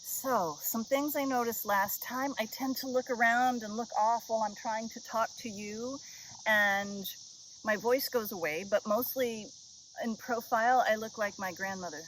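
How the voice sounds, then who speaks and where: A woman's voice: a little high, unhurried, fairly bright tone, slight background noise, low-quality recording. A woman chatting casually to her viewers in a rambling, self-deprecating vlog, recorded on a head-mounted camera outdoors on a river island. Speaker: vlogger. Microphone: head-mounted action camera. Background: insects and nature sounds.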